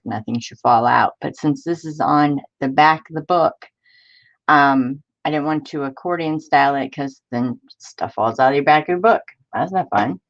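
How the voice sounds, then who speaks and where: A woman hosting a casual crafting live stream, chatty and excitable as she greets viewers by name. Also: low voice, lo-fi sound. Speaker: crafting channel host.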